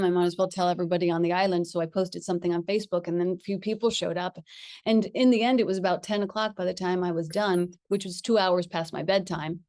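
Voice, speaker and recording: A middle-aged spiritual teacher tells a personal spiritual story in an earnest, reflective way, with gentle pauses and frequent small laughs. Her voice is on the low side, in a dry, studio-quality recording.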